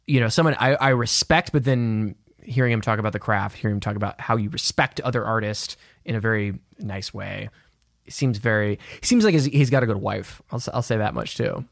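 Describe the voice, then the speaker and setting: Gravelly rambling podcast host. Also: male voice, on the low side, brisk, dry recording, studio quality. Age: young adult. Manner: rambling, self-interrupting, joking. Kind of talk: casual podcast chat.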